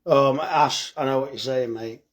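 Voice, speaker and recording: A man's voice: medium pitch, unhurried. A tired man, chatting bluntly and joking with swearing while reading comments on a live phone stream about his butcher's shop.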